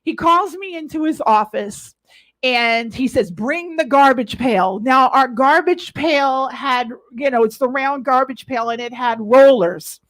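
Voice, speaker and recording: A woman co-hosting a casual chat show, telling animated stories with laughs and loud acted-out quotes. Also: high voice, a little slow. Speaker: co-host.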